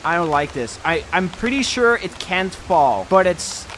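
Excitable young man streaming a game. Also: sits high, unhurried, slight background noise. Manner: excitable, swings between panic and cocky boasting. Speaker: gaming streamer. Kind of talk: live gameplay commentary.

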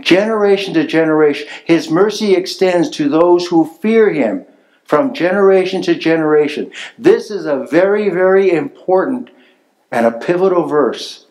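A man's voice: a little high, animated, unhurried, darkish tone, rough recording. Emphatic male pastor preaching a sermon. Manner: emphatic preaching with repetition, rising on key phrases. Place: church sanctuary.

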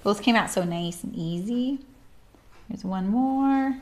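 A woman's voice: medium pitch, slow. A middle-aged woman chatting casually with viewers of her live stream while she sews, rambling and laughing often.

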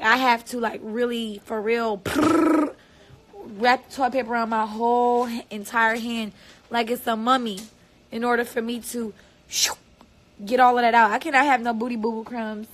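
A woman's voice: fairly high pitch, flat delivery, normal speed, a bit bright. A young woman chatting casually on a livestream, playful and rambling, with silly noises thrown in. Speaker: singer livestreaming on tour.

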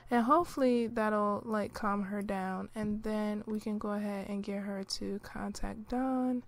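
A woman narrating her life-simulation gameplay in a relaxed, chatty way, with lots of fillers, clearing her throat now and then. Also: mid-range voice, a little slow. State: clearing throat, hiccuping and coughing. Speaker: gameplay commentator.

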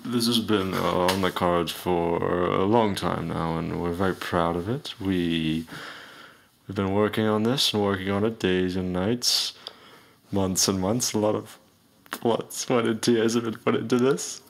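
A man's voice: low voice, steady tone, measured pace, vocal fry. A man in a comedy skit, playing a self-important rapper who lectures earnestly and a bit pompously. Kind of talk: mock-earnest comedy announcement.

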